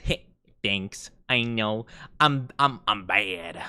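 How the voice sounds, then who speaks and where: A man's voice: medium pitch, expressive, moderate pace, pushed and bright, clear, resonant tone. A young man streaming, chatting casually and reading chat aloud in a playful, mock-offended way with lots of fillers.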